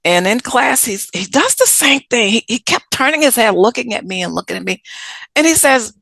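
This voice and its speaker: A woman from Chicago, a guest in an interview, telling stories from her life in a lively way and acting out the people she quotes. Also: fairly high pitch, moderate pace, creaky, no room sound. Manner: animated, acts out quoted people. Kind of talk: storytelling interview answers.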